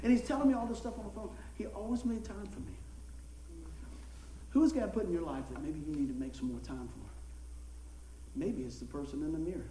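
A man, a pastor telling folksy, animated stories in a sermon and acting out the people in them. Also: a little high, brisk, pauses often, slight background noise. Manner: folksy, animated storytelling with acted-out quotes and laughter. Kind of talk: storytelling sermon. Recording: echoey room.

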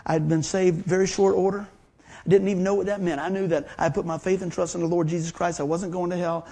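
A man preaching a sermon, telling stories in an animated way that swings from hushed to loud. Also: sits high, fast.

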